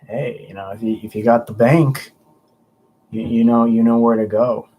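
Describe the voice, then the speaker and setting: A man's voice: mid-range voice, steady tone, normal speed, highs cut off. Young man rambling on a livestream. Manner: rambling, chatty, stumbling restarts. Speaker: livestream host. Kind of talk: casual livestream chat reading viewer comments.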